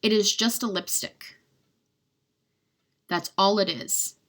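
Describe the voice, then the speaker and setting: Her mid-range voice is fairly even and slow, with heavy background noise behind it. This young adult beauty vlogger rambles through casual chat, gushing, leaning hard on "like," and making fun of herself.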